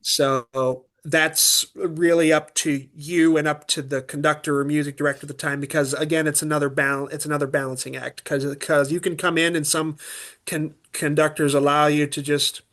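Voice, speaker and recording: A man with a somewhat high speaking voice talks casually as a guest in an interview. He is an opera tenor from Pennsylvania. He explains things haltingly, restarting phrases and leaning on filler words. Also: flat delivery, fairly bright tone. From Pennsylvania, USA.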